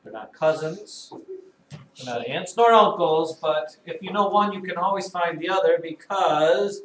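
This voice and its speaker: A male math teacher leading a classroom lesson, slowly repeating key terms and calling on pupils by name. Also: fairly high pitch, a bit bright. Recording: echoey classroom from far off with noise.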